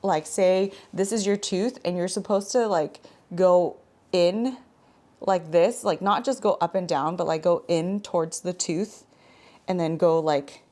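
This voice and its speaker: A woman in her thirties talks to camera in a casual, frank vlog style, her speech loose and full of filler words. Her voice sits a little low for a woman. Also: measured pace, darkish tone. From Washington state. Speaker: vlogger. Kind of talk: casual chat.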